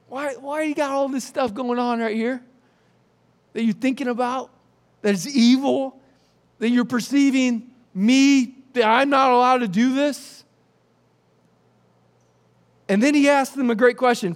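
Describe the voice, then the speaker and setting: A man's voice: very high voice, a little slow, pauses often. A man preaching a sermon, retelling a scripture story with jokes and acted-out voices. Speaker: pastor.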